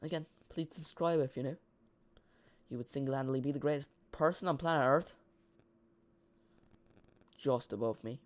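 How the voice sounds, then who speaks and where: Chatty man with a smooth voice. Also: mid-range voice, moderate pace, pauses often. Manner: rambling, jokey, chats with live chat. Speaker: watch-along host. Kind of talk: live football watch-along commentary.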